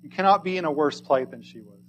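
A man reading a sermon aloud in archaic English, earnest and pleading, swinging from loud to hushed. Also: fairly high pitch, fast talker, slight background noise, rough recording.

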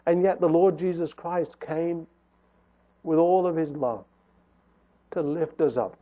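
Man preaching, high voice, earnest sermon, tinny phone-like sound. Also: steady tone, takes it slowly, pauses often. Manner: earnest, rising and falling emphasis.

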